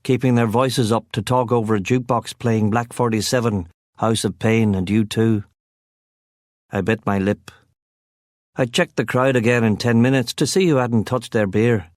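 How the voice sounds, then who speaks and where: A man's voice: fairly low pitch, no room sound. A man narrating a first-person crime novel as an audiobook, with a wry, sardonic delivery on a close studio mic.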